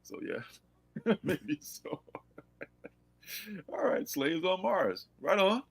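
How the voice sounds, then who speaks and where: Man, livestream host, casual comics chat, lively swooping voice, laughs a lot. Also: sits high, extremely slow, vocal fry, husky. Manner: animated, laughing, reads blurbs aloud.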